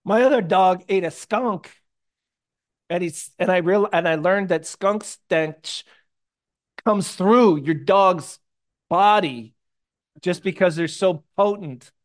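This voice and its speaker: A man preaching a sermon in a conversational, animated way, with jokey personal stories, hushed asides and sudden loud bursts. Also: sits high, takes it slowly, pauses often. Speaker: pastor.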